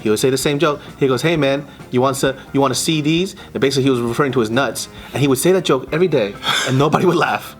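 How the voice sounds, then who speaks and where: A man on a casual chat show, telling animated, profane stories and laughing often. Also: mid-range voice, very fast, few pauses, faint music behind. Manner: animated storyteller, swears, laughs a lot. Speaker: podcast guest.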